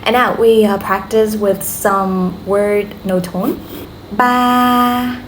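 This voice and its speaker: A young woman with a Vietnamese accent tutors a language lesson at a slow, patient pace, repeating drills and saying "okay" again and again. Her pitch is medium with fairly even intonation, and there's slight background noise.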